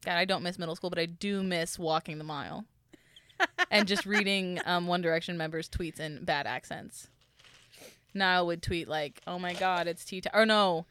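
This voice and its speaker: A woman's voice: lowish voice, normal speed, fairly bright tone, no room sound. A woman in her twenties co-hosting a podcast, rambling and giggling through casual chat and swearing freely. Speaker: podcast co-host.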